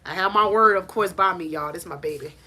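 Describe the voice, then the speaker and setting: Emphatic, bright-voiced woman coach. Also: lowish voice, fast talker, a little hiss or hum. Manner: preachy, emphatic, repeats "I said it". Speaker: life coach. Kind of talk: motivational talk to camera. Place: on a porch outdoors. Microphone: phone held in hand.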